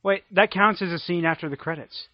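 A man co-hosting a casual podcast, joking and bantering quickly. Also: sits high, no echo, muffled recording. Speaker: podcast co-host.

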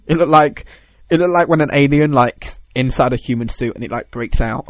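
A man's voice: mid-range voice, fairly quick, no room sound. A man co-hosting a casual chat about video games, rambling and joking and acting out little scenes. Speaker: podcast co-host.

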